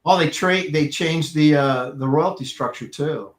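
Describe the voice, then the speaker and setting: Middle-aged male artist-host, fairly high-pitched, chatty and rambling storyteller. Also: unhurried. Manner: rambling, with many fillers and restarts. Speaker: podcast co-host and comic artist. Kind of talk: casual storytelling chat.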